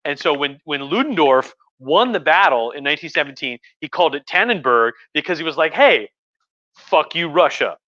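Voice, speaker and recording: A tipsy man hosting a livestream, telling history in a rambling, profane, animated way. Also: on the high side, brisk, hardly any pauses, no echo. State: tipsy from wine. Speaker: host. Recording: lo-fi livestream audio.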